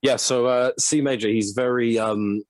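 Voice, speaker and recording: A man's voice: medium pitch, steady tone, normal speed, no room sound. A man who acts in the show, answering interview questions about his character over a video call, thoughtful and hesitant. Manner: thoughtful, hesitant with many fillers. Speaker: actor.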